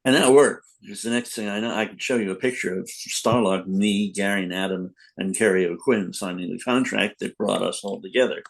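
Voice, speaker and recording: A man's voice: lowish voice, brisk, creaky, hardly any pauses, rough recording. An older man, a comic book editor, telling rambling anecdotes in a casual podcast interview, acting out quotes.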